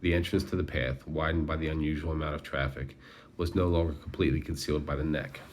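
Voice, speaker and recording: A man reading a novel aloud in steady, measured narration. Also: very deep voice, a little hiss or hum. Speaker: audiobook narrator. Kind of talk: scripted narration.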